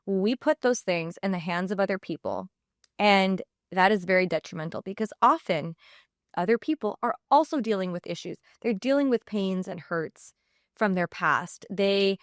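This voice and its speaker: A woman's voice: medium pitch, expressive, moderate pace, no echo, studio quality. A woman in her thirties hosting a podcast solo, chatting casually and earnestly as she gives life advice, filling her talk with "like" and "you know.". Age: 30s. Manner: earnest, reflective advice-giving. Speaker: podcast host.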